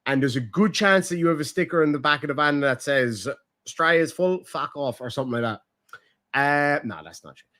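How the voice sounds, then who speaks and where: Profane, animated young man chatting. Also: fairly high pitch, a little fast. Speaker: streamer host. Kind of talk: casual chat.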